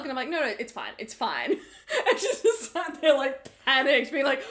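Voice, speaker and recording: A young woman with a slightly high voice banters casually with her co-host. She tosses in quick, playful one-liners in a relaxed chat. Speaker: podcast co-host.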